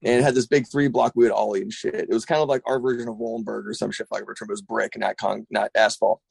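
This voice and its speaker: A gravelly-voiced middle-aged man talks quickly and loosely, swearing freely as he rambles through skate stories. The sound is dry and close, with no room in it. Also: lowish voice, no room sound. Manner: profane, rambling, animated storyteller. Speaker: skate shop owner. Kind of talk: casual podcast chat.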